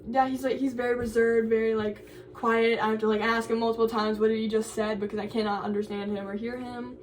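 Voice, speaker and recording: A woman's voice: fairly high pitch, distant mic, slight background noise, low-quality recording. A young woman in college chatting casually for her vlog, rambling with lots of fillers and restarts. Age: young adult. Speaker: college vlogger.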